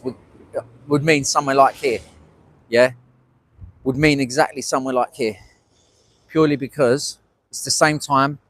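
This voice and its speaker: Citizen-journalist streamer, mid-pitched, rambling outdoor chat to viewers. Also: male voice. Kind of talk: casual live-stream commentary. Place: outdoors on a street at a protest. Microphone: small wearable mic.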